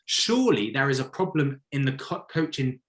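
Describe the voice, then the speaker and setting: A man giving his opinions in a casual football chat, animated and blunt, often acting out what others might say. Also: mid-range voice, moderate pace. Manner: opinionated, animated, mock-quotes others in put-on voices. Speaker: podcast co-host, football fan.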